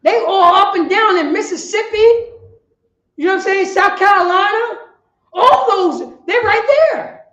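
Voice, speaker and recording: Woman street preacher, pretty high voice, lots of why this why that, yells now and then, echoey sound. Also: unhurried. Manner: rhetorical questions, bursts of shouting.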